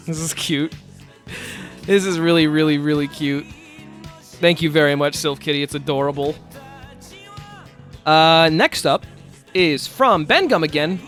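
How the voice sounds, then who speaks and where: A man's voice: on the high side, expressive, moderate pace, a bit bright, soft background music. A man streaming live, chatting casually, laughing often and swearing as he rambles.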